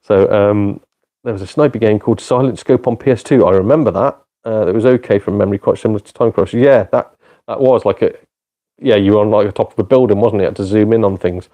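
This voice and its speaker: Mellow, low-voiced streamer. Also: male voice, quick pace. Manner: chatty, self-deprecating, swears, laughs often. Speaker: gaming live streamer and part-time comedian. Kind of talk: casual live stream chat with viewers.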